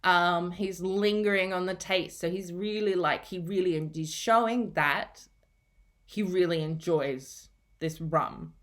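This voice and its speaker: Female teacher, lower register, patient explainer for a recorded reading lesson. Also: a little slow. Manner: patient, explanatory, repeats key points.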